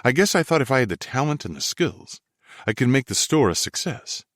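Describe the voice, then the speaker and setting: A man's voice: mid-range voice, very animated, fairly quick, fairly bright tone, no echo, studio quality, pitched above the performer's own voice. A man voicing an earnest young woman dress designer, eager and pleading, in an audiobook. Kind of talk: audiobook character voice.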